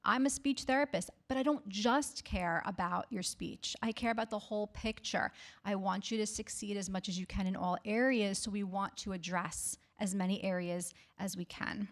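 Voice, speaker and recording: A woman's voice: mid-range voice, steady tone, normal speed. A woman speech therapist giving a health talk to the public, reassuring and often checking in with "okay?". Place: library talk.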